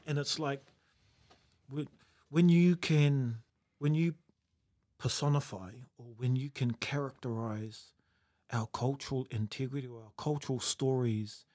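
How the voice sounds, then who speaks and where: Man, New Zealand accent, casual storytelling, reflective, laughs often, middle pitch. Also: unhurried, pauses often, a little mellow. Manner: reflective, laughs often, uses Maori words.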